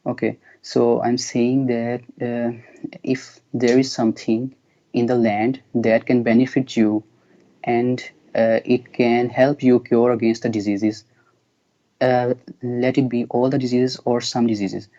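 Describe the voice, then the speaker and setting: Male debate caller, mellow dark voice, hesitant, muffled lo-fi line. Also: medium pitch, little pitch movement, unhurried. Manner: hesitant, many "uh"s, patient explaining. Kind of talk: live online debate. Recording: muffled lo-fi call audio.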